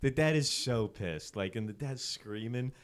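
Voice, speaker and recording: A man's voice: medium pitch, expressive, measured pace. A man in his twenties from central Pennsylvania, a podcast guest telling a story in a loose, casual way with lots of swearing and filler words.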